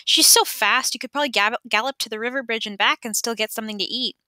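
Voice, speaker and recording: A woman's voice: fairly high pitch, fast, sharp tone, dry recording. Woman doing a mischievous little girl. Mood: coaxing. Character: girl of ten, mischievous teasing chatterbox.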